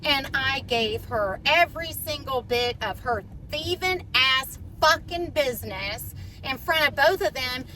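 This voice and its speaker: A woman's voice: sits high, expressive, a little slow, pushed and bright, a little hiss or hum. A middle-aged woman, a podcast guest, telling a personal story in a blunt, profane, fired-up way.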